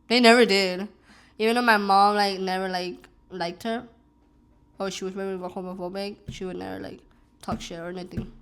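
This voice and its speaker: A woman's voice: mid-range voice, fairly bright tone. Young woman vlogger, casual storyteller, rambling and unpolished. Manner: rambling, many "like"s and restarts. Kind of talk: casual storytelling while eating.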